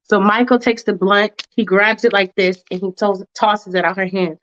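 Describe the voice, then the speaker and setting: A woman's voice: medium pitch, fairly even intonation, moderate pace, fairly bright tone, dull audio. A woman casually narrating a fan-fiction story in a chatty, slangy, playful way.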